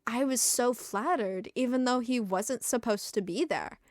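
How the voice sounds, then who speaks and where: Giggly young woman reading, slow and dry. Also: a little high, no echo. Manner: giggly, often breaking into laughter; self-deprecating asides. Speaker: reader. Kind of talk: comedic dramatic reading of fan fiction.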